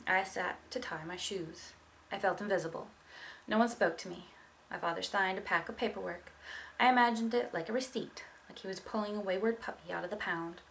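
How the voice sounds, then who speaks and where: A woman reads a novel chapter aloud as an expressive first-person narrator. Her voice has a gravelly, creaky texture at a mid pitch. A faint noise sits under the recording. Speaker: audiobook reader. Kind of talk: storybook reading.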